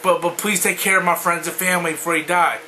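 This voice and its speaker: A man lightly voicing a dying young male hero from a comic, pleading softly. His tone drops below his usual high, bright voice. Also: fairly even intonation, fast, a little hiss or hum.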